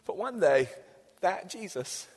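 High-voiced preaching man in a reverberant hall. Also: big pitch swings, slow, slightly rough. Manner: swings between loud preaching and hushed whispers. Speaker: pastor. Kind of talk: sermon. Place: church sanctuary. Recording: church hall reverb with soft music.

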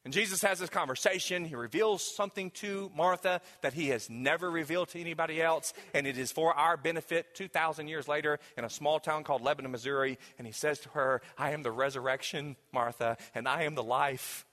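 A man's voice: a little high, fast, hardly any pauses, a bit bright. A man preaching a sermon, talking emphatically to the congregation and asking them questions directly. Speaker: pastor. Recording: long hall reverb.

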